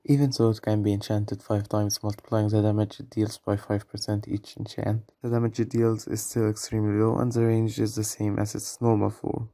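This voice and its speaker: Man, low mellow voice, monotone, game tier-list commentary, dry close mic. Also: no echo. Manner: self-deprecating, apologetic asides. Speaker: gaming video creator.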